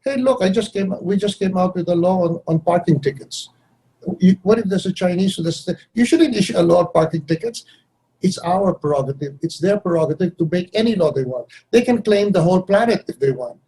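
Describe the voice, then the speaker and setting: A man from the Philippines answers interview questions bluntly and wryly, now and then acting out what others said. His voice is husky and mellow, a little high for a man. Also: lively intonation, a little fast, poor audio. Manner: blunt, wry, acts out others' lines with shifts in voice. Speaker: foreign minister, guest.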